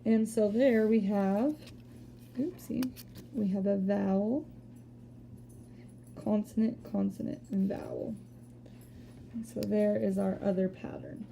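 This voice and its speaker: A woman teacher giving a recorded spelling lesson, patiently explaining step by step and sounding out words slowly. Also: mid-range voice, fairly even intonation, gravelly, mellow, slight background noise. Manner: slow deliberate word-by-word sounding out.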